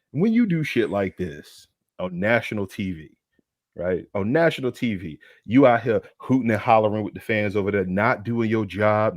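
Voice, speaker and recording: Man, low voice, dry close sound, slangy comedic sports rant host. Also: no room sound. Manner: animated, slangy, preachy mock lecture. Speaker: podcast co-host.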